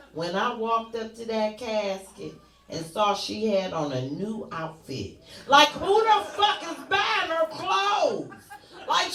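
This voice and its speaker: A woman's voice: a little high, a bit bright, roomy sound, distant mic. A woman performing a stand-up comedy set, telling brash, bawdy stories with punchy repetition. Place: comedy club stage.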